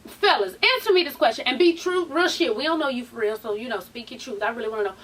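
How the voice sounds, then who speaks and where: A woman's voice: fairly high pitch, fast talker, fairly bright tone, distant mic. A woman hosting a casual recap vlog, chatty and sassy, swearing freely and calling her viewers "honey". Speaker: YouTube TV show recap host.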